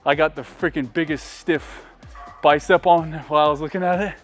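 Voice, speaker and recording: A man's voice: a little high, fairly even intonation, brisk, faint music behind. A man filming a casual workout vlog in a gym, joking around and pushing the viewer between sets, sometimes out of breath. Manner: joking, hypes the viewer while training. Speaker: fitness vlogger.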